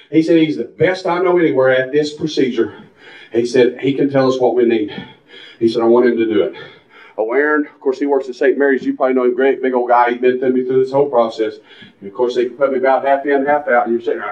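A man preaching a fervent sermon, climbing into shouts and punctuating his lines with "uh" and "amen". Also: medium pitch, echoey room, distant mic, muffled recording. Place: church.

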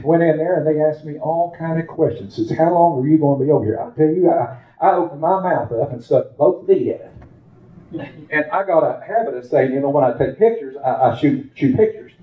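Male pastor, sermon, folksy storyteller turning fervent, fairly high voice, muffled lo-fi sound. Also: a little fast. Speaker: preacher. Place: church sanctuary. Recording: roomy, dull lo-fi church recording.

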